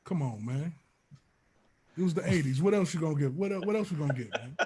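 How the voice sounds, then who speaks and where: Male co-host, laid-back slangy teaser, higher register. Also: animated, fairly quick, mellow, slight background noise. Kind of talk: casual chat.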